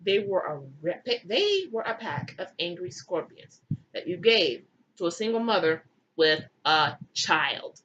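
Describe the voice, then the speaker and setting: A woman's voice: fairly low pitch, sing-song, a little slow, a bit bright, lo-fi sound, slight background noise, pitched below the performer's own voice. A woman voicing the goddess Isis as a sarcastic, exasperated young mother in a comic myth retelling. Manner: sarcastic, flip modern slang.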